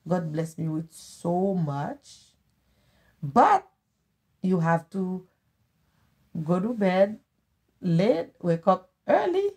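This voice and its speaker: A woman's voice: lowish voice, dark tone, husky. A middle-aged woman from Haiti with a Haitian accent, whose first language is Haitian Creole. She speaks earnestly and heartfelt as a guest in a casual conversation, often repeating her phrases. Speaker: guest, host's mother.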